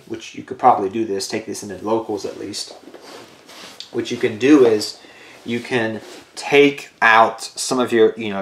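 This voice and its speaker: Tired, rambling man in a roomy echo. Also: on the low side. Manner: loose, rambling, lots of restarts and "you know". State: tired and out of breath. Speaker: card game YouTuber. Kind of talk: casual deck profile talk.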